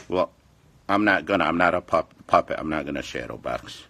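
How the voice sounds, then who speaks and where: A man's voice: a bass voice, expressive, brisk, bright, forceful tone. A man in his forties, a fitness vlogger, chatting casually and rambling defensively, repeating himself. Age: 40s. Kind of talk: casual livestream chat.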